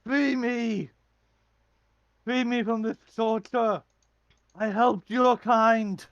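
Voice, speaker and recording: A giant chained titan in agony, bellowing his pleas in a high, strained cry, as a game master puts him on. The shouts come loud and raw through a muffled, lo-fi mic. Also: fairly even intonation, extremely slow, vocal fry, no echo, exaggerated voice. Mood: anguished pleading. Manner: howling, pleading shouts. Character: huge chained male titan, tortured and desperate.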